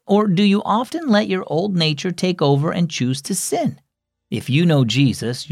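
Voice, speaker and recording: Male devotional host and narrator, friendly storyteller, lively and expressive, dry close sound. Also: on the high side, no room sound.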